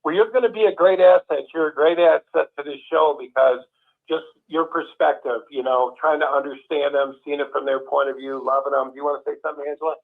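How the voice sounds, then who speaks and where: A man's voice: a little high, steady tone, a little fast, creaky. A man hosting a call-in show, encouraging his guest and agreeing often. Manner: encouraging, frequent agreeing replies. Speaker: host. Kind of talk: casual call-in talk. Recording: tinny phone-line audio.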